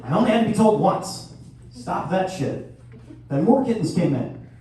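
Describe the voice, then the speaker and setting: A man in his thirties doing a crude stand-up comedy set with sudden loud outbursts. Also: sits high, big pitch swings, brisk. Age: 30s. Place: live venue hall. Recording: echoey hall from far off, faint noise.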